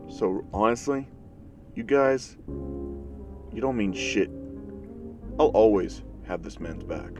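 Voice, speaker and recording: A man's voice: lowish voice, expressive, a little slow, over music. A man voicing a bitter, defiant young hero student. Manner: defiant, profane ranting. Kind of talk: fan story narration.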